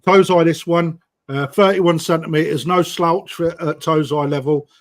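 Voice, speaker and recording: A man's voice: fairly high pitch, fairly even intonation, normal speed. A middle-aged British man hosting a live-streamed koi auction, chatting matily with viewers and calling out bids and time left. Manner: chatty, matey banter, calls bids and time.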